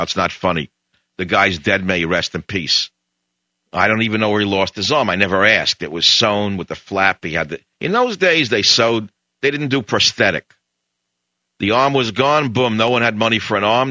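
In a dry recording missing its highs, a sharp-voiced older man from Brooklyn, New York, hosts a talk show. He tells stories digressively, leaping from tangent to tangent with abrupt jumps in pitch.

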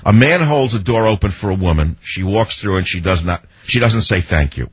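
A man's voice: low-pitched, expressive, moderate pace, slightly rough, no echo, low-quality recording. A man hosting a talk radio show, telling sarcastic stories and mimicking the people in them. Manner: sarcastic, storytelling with mimicked quotes. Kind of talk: monologue to listeners.

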